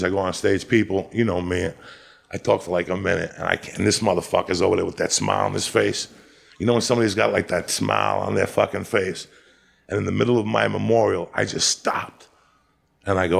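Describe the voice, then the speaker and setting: A man telling a long profane story as a stand-up comedian, animated and full of swearing. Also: fairly low pitch, a little fast. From Cuba. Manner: gravelly, animated, heavy swearing.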